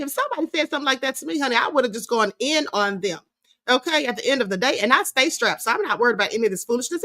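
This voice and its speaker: Sassy high-voiced woman host. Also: pushed and bright. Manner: sassy, scornful, laughing often. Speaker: livestream host. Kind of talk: casual live commentary reading chat.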